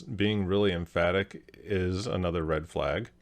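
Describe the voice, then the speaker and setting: Low-voiced guy breaking down a clip for his channel, calm and analytical. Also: unhurried, hardly any pauses. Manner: calm, analytical, explaining step by step. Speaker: host, body language analyst. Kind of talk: explanatory video commentary.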